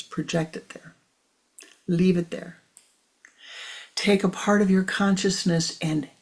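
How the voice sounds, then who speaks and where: A woman spiritual teacher giving a slow guided teaching in a soft, measured voice that often drops to a hushed whisper. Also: low-pitched, gravelly.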